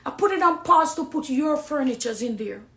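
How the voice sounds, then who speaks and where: A middle-aged Jamaican woman giving an impassioned personal testimony on a live stream, preachy, swinging between hushed confiding and loud accusing. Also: high voice, animated, normal speed, echoey room. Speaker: dancehall artist on a live stream.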